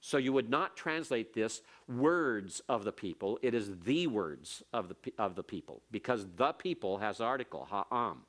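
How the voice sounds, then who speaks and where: A man's voice: lowish voice, lively intonation, normal speed, hardly any pauses, fairly bright tone. A man teaching Hebrew grammar in a classroom lecture, explaining patiently step by step and repeating key points.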